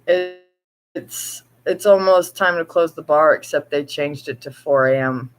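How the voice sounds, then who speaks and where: Slow, rambling woman vlogger. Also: low-pitched, faint music behind, poor audio. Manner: rambling, laughing, slow and drawn-out. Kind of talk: casual late-night chat to viewers. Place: home at night.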